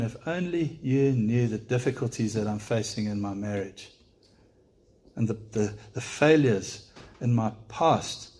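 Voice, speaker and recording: A man's voice: medium pitch, darkish tone, breathy edge. A man preaching a sermon in church, speaking earnestly and directly to his congregation, with frequent rhetorical questions.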